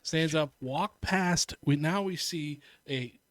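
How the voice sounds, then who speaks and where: A man's voice: a little high, slow pace, no room sound. A man co-hosting a podcast in casual chat, animatedly retelling a film scene, swearing and acting out the lines. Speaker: podcast co-host.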